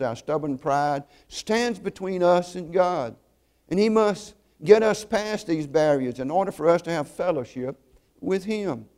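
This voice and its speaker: Warm, earnest male preacher. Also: fairly high pitch. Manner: earnest storytelling, slows for emphasis. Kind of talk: sermon.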